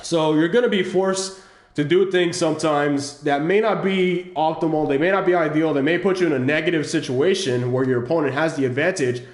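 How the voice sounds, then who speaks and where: A man giving casual commentary over footage of his own fighting-game match, explaining his choices in a halting way with frequent restarts. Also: fairly high pitch, echoey room. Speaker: channel host analyzing his own match.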